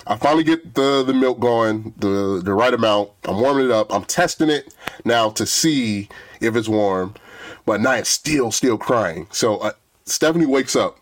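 A man's voice: medium pitch, normal speed, dry recording. A young man on a podcast telling a story in casual chat, rambling and often restarting. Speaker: podcast co-host, producer.

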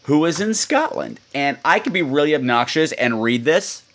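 A man's voice: fairly high pitch, very animated, moderate pace, a bit bright. A man hosting a podcast, chatting in a campy, cheeky, playful way. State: coughing. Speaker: podcast host. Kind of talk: casual podcast monologue.

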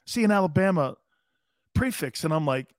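A man in his fifties hosts a live show, telling a rambling anecdote full of laughter and acting out the quotes himself in casual storytelling. His voice is fairly high and animated at a normal speed. The sound is dry and studio quality, with no room sound.

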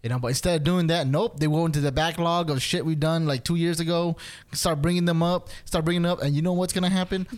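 A man's voice: a little high, fairly even intonation, fast talker. A man on a casual podcast, telling an argument as a story, acting out both sides and laughing often. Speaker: podcast co-host. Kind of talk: casual chat.

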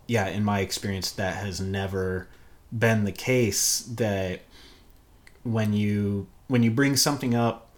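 A man co-hosting a podcast, talking about relationships in an earnest, reflective way. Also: lowish voice. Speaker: podcast co-host. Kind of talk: candid relationship podcast talk.

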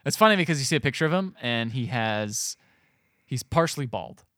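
A man's voice: medium pitch, lively intonation, a little fast, a bit bright, no room sound, clean studio sound. A man co-hosting a podcast, retelling a movie plot in casual, rambling chat. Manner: rambling, laughing, loose retelling with quoted voices. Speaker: podcast co-host.

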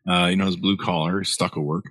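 Give me a deep-voiced middle-aged man telling an animated, rambling story, recorded dry. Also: quick pace, slightly rough, no echo. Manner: rambling, animated storyteller with many fillers and restarts. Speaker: author and interview guest. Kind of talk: casual storytelling in an interview.

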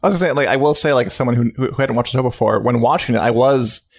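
A man chatting on a podcast panel, dropping in quick offhand remarks. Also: mid-range voice, vocal fry. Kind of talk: casual chat.

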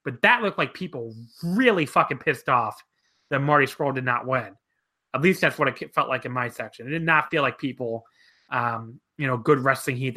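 A woman co-hosting a casual wrestling chat, telling stories with lots of swearing and cackling laughs. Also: very deep voice. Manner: profane, animated storytelling, cackling laughs.

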